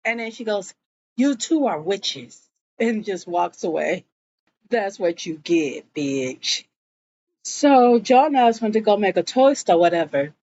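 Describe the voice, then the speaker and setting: Slow, slangy woman recapping a show. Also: medium pitch, animated, warm tone, muffled recording, slight background noise. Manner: slangy and laughing, says yo a lot. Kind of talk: casual episode recap.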